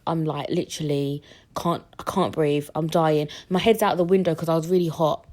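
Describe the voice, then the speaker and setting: A young woman hosts her podcast and tells stories casually. She is animated and slips into the voices of the people she quotes. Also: deep voice, normal speed. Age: young adult. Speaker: podcast host. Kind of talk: casual storytelling.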